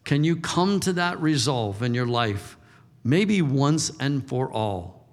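A man's voice: mid-range voice, lively intonation, takes it slowly. Man preaching in a reverberant hall. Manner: informal, acts out quoted voices, chuckles. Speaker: pastor. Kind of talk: conversational sermon. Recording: long reverb of a large hall.

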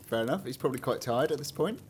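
Husky, wry man. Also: medium pitch, lively intonation, fast talker. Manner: wry, joking reactions. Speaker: podcast co-host. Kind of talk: casual chat.

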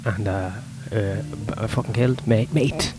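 A man's voice: fairly low pitch, unhurried. Profane, rambling comedian man. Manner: profane, self-deprecating, rambling. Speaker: stand-up comedian. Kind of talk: casual vlog monologue.

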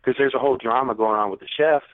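A young man co-hosting a podcast, telling a long story in a casual, animated way and acting out what people said. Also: mid-range voice, fast talker, no room sound. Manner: animated, acts out quotes with rising voice. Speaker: podcast co-host. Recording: tinny phone-like audio.

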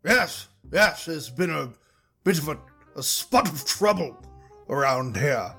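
A man's voice: fairly high pitch, very animated, slow pace, creaky, pushed and bright, slightly rough, full character voice. A man voicing a pompous, genteel male hippo mayor who wears a monocle and speaks very properly, over faint music. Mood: genial.

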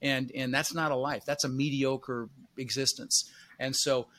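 A middle-aged man being interviewed as a real estate coach, speaking emphatically with repeated phrases and bursts of loud, punchy delivery. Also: medium pitch, little pitch movement, unhurried. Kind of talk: motivational interview talk.

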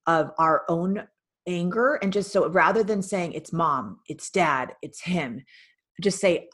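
A woman's voice: on the low side, slow pace, fairly bright tone, slightly rough. A woman hosting a spiritual healing session, coaching a caller and guiding a visualization with direct, insistent instructions. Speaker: host and spiritual healer.

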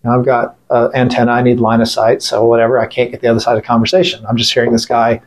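A middle-aged man speaking at an everyday pitch, telling a story in a casual interview. He talks bluntly and swears freely, and he often breaks off and restarts his sentences. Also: monotone, racing. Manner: blunt, profane, rambling with restarts. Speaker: veteran guest.

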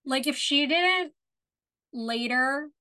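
A woman's voice: sits high, slow pace, bright, forceful tone. A woman co-hosting a podcast, chatting casually and giving frank, opinionated takes on an episode. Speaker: podcast co-host. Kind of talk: casual chat, discussing a TV episode.

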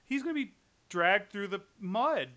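A man co-hosting a casual podcast chat about a TV show, animated and sometimes exasperated. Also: sits high, unhurried. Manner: animated, rising to exasperated outbursts. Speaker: podcast co-host.

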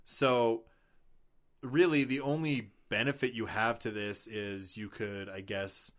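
A man's voice: on the low side, steady tone, slow pace. A man in a casual comedic chat, dry and teasing, reasoning through silly ideas.

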